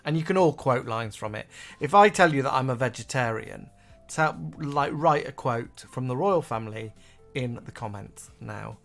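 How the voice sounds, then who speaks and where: A man's voice: medium pitch, animated, normal speed, gravelly, a bit bright, soft background music. Chatty man reading viewer comments. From England. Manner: chatty, reads comments aloud with frequent fillers. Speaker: co-host.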